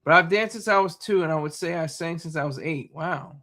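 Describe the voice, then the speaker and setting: Guy with a pretty high voice chatting on a stream, reads comments, laughs a lot, trips over words. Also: brisk, bright, forceful tone. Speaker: streamer reading viewer comments. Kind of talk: casual live chat.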